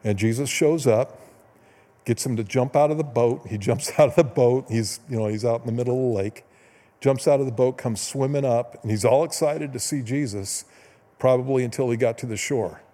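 A man preaching a relaxed, conversational sermon, his voice mellow and dark in tone. The sound carries a long hall reverb, as in a church sanctuary. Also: mid-range voice. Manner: conversational storytelling, quick asides and chuckles. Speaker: pastor.

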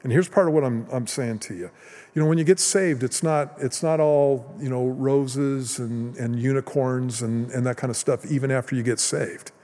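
A man pastor preaching a sermon in a conversational way, with restarts and rises in pitch and volume for emphasis. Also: normal speed, dark tone. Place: church hall. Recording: long hall reverb.

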